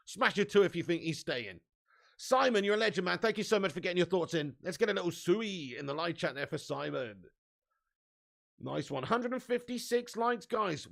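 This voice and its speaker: A man's voice: high voice, gravelly, fairly bright tone. A man hosting a casual fan live stream, chatty and laughing often, swearing freely and reading viewer comments aloud.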